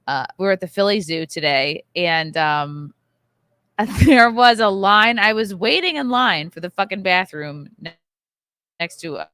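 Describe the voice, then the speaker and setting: A woman in her thirties hosts a casual podcast chat and rants through her story with plenty of swearing. Her voice is bright and sharp, and the sound is close and dry with no room echo. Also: medium pitch, animated, measured pace, smooth. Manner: profane, ranting storyteller. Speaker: podcast host. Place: hotel bar.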